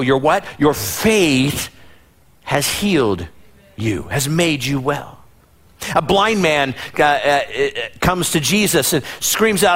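Dramatic preacher man, slightly high voice. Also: expressive, unhurried, a bit bright. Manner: dramatic, acts out the Bible figures in voices; repeats and restarts phrases as he speaks. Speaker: pastor. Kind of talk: sermon.

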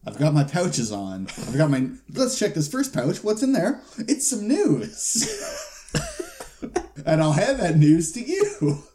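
Playful man with a wildly lively voice. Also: a little high, measured pace, slight background noise. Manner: playful, jokey interjections. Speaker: podcast co-host. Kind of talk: casual chat.

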